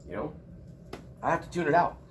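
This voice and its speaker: Lively joking college instructor, a man. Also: fairly high pitch, brisk, a little hiss or hum. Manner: animated, joking storyteller. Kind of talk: casual classroom lecture. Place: classroom.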